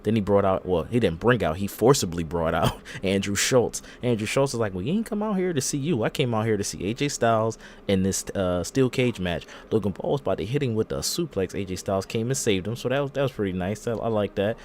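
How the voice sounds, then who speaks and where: Low-voiced male podcast host. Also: brisk, hardly any pauses, slight background noise. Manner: animated storytelling, acting out quotes. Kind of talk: casual chat.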